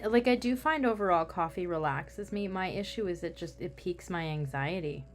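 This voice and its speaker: Slow-talking woman chatting while she crafts. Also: medium pitch. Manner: rambling, self-mocking humor. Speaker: craft vlogger. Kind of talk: casual chat while crafting.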